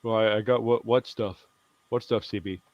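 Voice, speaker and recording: A man voicing a dim, eager male dockhand who asks slow, confused questions. The sound is close and dry. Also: on the low side, steady tone, dry recording, muffled recording, close to an everyday voice.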